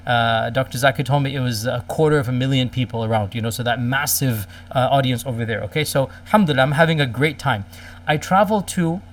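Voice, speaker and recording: A man's voice: medium pitch, distant mic. A middle-aged man telling a personal story in a casual, rambling way, with many fillers and Arabic religious phrases. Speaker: speaker recounting a personal story.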